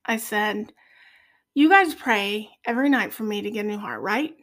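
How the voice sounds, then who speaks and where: A middle-aged woman speaking as a podcast guest in a heartfelt faith conversation, earnest and soft-spoken. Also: medium pitch, normal speed.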